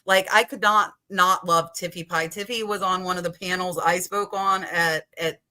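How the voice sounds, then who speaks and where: A woman in her forties hosts a live chat stream, talking with animated energy. She acts out her own thoughts in quick asides. Her voice has a bright, forceful edge. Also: on the low side. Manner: animated, quotes her own inner talk. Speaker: podcast host.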